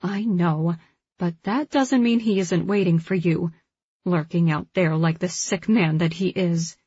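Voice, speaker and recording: A woman's voice: on the low side, a little slow, dark tone, breathy edge, dry recording. Woman reading as a fretful, protective mother. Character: worried middle-aged mother, protective. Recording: dull lo-fi recording.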